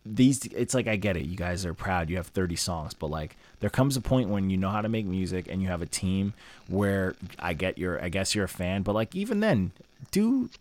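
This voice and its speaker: Male host, low register, loose slangy casual music-chat delivery. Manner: loose slangy talk, heavy on fillers. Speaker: podcast host.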